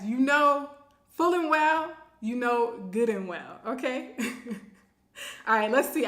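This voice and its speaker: Chatty higher-voiced woman hosting a livestream. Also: fairly bright tone, reverberant. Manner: chatty, reads viewer comments aloud, laughs often. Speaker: livestream host. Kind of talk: casual live-stream chat.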